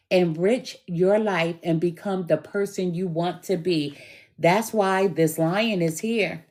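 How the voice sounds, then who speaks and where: A middle-aged woman reads tarot cards at an unhurried, drawn-out pace. Her voice is hoarse with a lingering chest cold, and she leans into each word with emphatic encouragement. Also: on the low side, darkish tone. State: hoarse from bronchitis, coughing. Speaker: tarot reader. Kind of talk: tarot reading.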